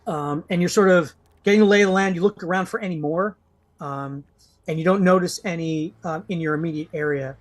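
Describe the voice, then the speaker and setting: A man's voice: fairly high pitch, fairly quick. A man narrating as game master in a live-play tabletop game, describing scenes in a rambling way full of fillers.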